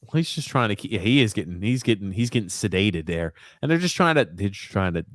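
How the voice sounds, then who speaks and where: Low lively man, jokey play-by-play. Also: fast, dry recording, clean studio sound. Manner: animated, jokey play-by-play with sudden high yelps. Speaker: podcast co-host. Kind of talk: casual chat commenting on a video.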